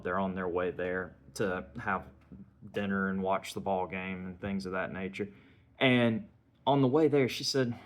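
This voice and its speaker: A man giving a casual spoken film review, retelling scenes and dialogue in a conversational way. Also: on the low side.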